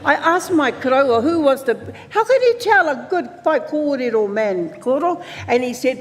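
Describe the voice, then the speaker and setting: A man in his seventies with a New Zealand accent addresses a conference as a lively storyteller, his voice sitting very high. He moves easily between stories and Māori words. A long reverb trails each phrase, as in a large conference hall. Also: normal speed, few pauses, slight background noise. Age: 70s. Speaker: conference speaker.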